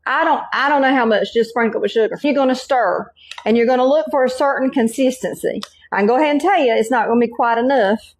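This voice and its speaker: A middle-aged woman with a Southern Carolina accent, hosting a home cooking demonstration in a folksy, chatty way. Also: fairly high pitch. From North Carolina. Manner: folksy, chatty, keeps saying y'all and okay. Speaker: cooking channel host.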